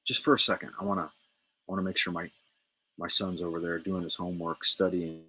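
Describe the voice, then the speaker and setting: Middle aged guy rambling on his stream, husky voice with a crisp sharp edge. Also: deep voice, level tone, a little fast. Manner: chatty, rambling, repeats himself, thanks viewers. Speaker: livestream host. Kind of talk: casual livestream chat.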